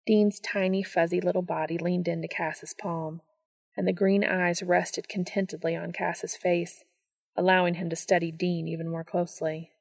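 A woman narrating a romance story aloud in a calm, soft storytelling manner. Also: lowish voice, normal speed, creaky, no room sound.

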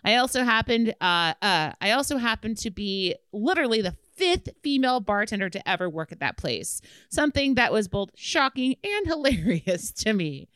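Podcast co-host, woman, smooth and dry-miked, relaxed and laughing, reads listener mail aloud. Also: a little high, normal speed, hardly any pauses, dry recording. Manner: laughs often, swears casually. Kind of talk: casual podcast chat, reading listener mail.

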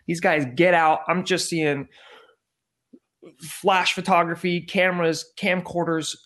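Male podcast guest, casual storyteller, animated and profane, slightly higher register. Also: slow. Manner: animated, profane anecdote-telling.

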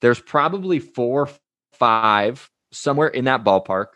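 A man's voice: mid-range voice, a little slow, no room sound. A young man, a coach, talking casually as an interview guest, telling stories and acting out quotes with energy. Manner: energetic storyteller, uses anecdotes and acted-out quotes.

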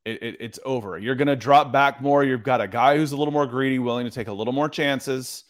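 A man co-hosting a casual sports podcast, talking in a relaxed, chatty way with lots of fillers. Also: medium pitch, a little fast. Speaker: podcast co-host.

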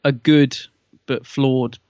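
A man's voice: medium pitch, fairly even intonation, takes it slowly, darkish tone, no echo. Hesitant man, dull dry recording. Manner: hesitant, conflicted, restarts often. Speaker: podcast co-host. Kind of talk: casual review chat.

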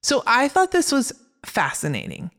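A woman's voice: fairly high pitch, wildly swooping pitch, normal speed, fairly bright tone. A woman co-hosting a casual podcast chat, reading out film facts in an upbeat way. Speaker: podcast co-host.

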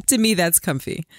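Low-voiced woman, chatty podcast co-host. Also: dry recording. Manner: chatty, laughs often, adds details to his story. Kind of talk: casual chat.

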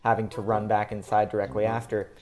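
A man telling a wild anecdote in a party game, animated and swearing. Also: on the low side, fast, faint music behind. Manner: animated, acts out quotes, swears.

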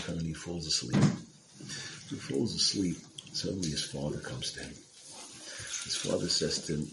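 Very deep gravelly-voiced man telling a story. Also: moderate pace, long pauses. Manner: casual, digressive, many fillers and asides. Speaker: Torah class speaker. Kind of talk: storytelling in a Torah lecture. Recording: roomy with clear background noise.

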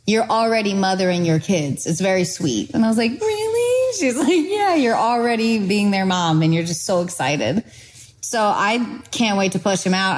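A woman's voice: mid-range voice, slight background noise, poor audio. A pregnant young woman telling a story in casual chat, bubbly and giggly. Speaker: guest.

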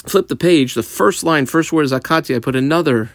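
A man teaching a Talmud page, explaining each Aramaic phrase in English in a steady teaching cadence. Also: on the high side, brisk, no room sound. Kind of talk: daf yomi Talmud lesson.

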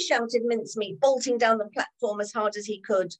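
A woman narrating a children's storybook in an expressive, animated way. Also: on the high side, normal speed, low-quality recording.

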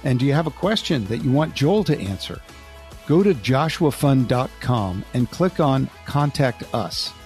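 A man hosting a podcast, calmly reading a scripted outro that invites listeners to get in touch. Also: medium pitch, normal speed, soft background music. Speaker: podcast host.

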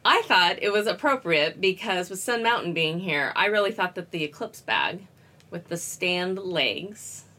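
A woman's voice: lowish voice, lively intonation, a little slow, bright, forceful tone. A woman co-hosting a casual podcast, giggly and self-deprecating, with hesitant restarts. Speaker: podcast co-host. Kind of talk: casual chat.

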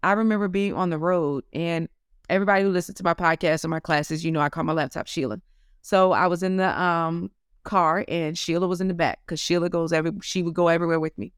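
A woman in her thirties, a business owner, being interviewed and telling lively stories in a casual way. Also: lowish voice, quick pace, smooth, no echo, clean studio sound.

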